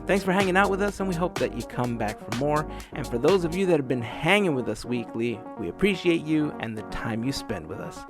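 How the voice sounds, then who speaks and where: A man's voice: mid-range voice, sing-song, a little fast, hardly any pauses, music in the background. A middle-aged man hosting a podcast, reading announcements and then chatting casually, telling stories in an upbeat way. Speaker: podcast host.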